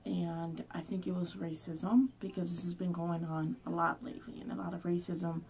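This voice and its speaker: A woman's voice: on the low side, flat delivery, moderate pace, creaky, a little mellow, a little hiss or hum. A young woman speaking in an angry, heated vlog rant, swearing often. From Hispanic background. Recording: voice somewhat far from mic.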